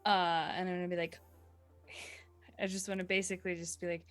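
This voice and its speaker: A woman's voice: on the low side, little pitch movement, brisk, long pauses, a bit bright, soft background music. A woman playing in a tabletop role-playing game, thinking aloud hesitantly with fillers while describing her character's actions. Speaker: player.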